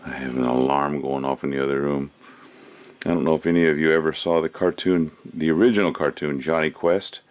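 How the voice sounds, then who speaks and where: This resin crafter has a bass voice with fairly even intonation and a brisk pace. At home, he offers casual, chatty commentary, rambling and thinking aloud while he works.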